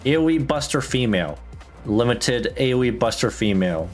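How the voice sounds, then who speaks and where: A man's voice: medium pitch, animated, normal speed, soft background music. A man streaming a game, thinking aloud in casual, slangy chat with plenty of swearing. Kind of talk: casual gameplay commentary.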